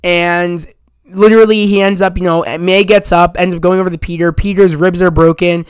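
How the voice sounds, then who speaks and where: A man with a high, smooth, resonant voice talks through a film in a loose, rambling way, piling up fillers and casual swearing. The sound is dry and close. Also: flat delivery, brisk, no room sound. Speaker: movie reviewer. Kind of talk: casual spoken movie review.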